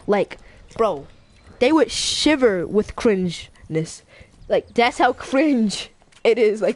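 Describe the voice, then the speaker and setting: A woman's voice: fairly high pitch, a little mellow. Woman rambling through a slangy fan story. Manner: rambling, slangy, laughs, restarts. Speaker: YouTuber. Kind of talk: casual fan-fiction storytelling.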